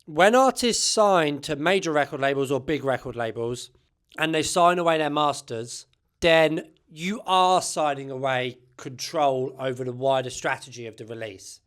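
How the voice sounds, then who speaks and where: A man's voice: fairly high pitch, moderate pace, fairly bright tone, clear, resonant tone. A man hosting a music channel, giving chatty, opinionated commentary and often tagging sentences with "right?". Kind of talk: casual commentary to camera.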